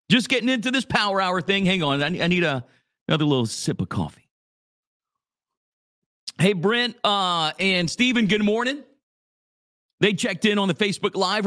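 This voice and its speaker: A man hosts a live morning radio show from his little office studio. His voice sits fairly high for a man, and he talks in a loose, chatty way, tossing in "dude" as he runs through sponsor reads. The sound is close and dry, with no room echo. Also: fairly bright tone. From Louisiana. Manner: laid-back, chatty, says dude a lot. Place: small home office studio.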